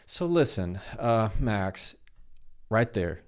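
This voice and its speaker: Low-voiced man explaining conversations. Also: slow pace, smooth. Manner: animated, acts out quoted dialogue. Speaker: guest, communication expert. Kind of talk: conversational interview.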